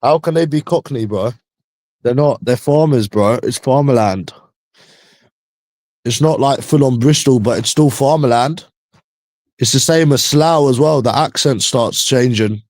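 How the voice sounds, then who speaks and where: A young man with an East London accent rambles in a casual, slang-heavy chat, going back over the same points again and again. His voice sits at an ordinary middle pitch. The sound is dry, with no room around it. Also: a little slow, a little mellow, no echo. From East London, England. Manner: slangy, repeats himself, loose rambling talk.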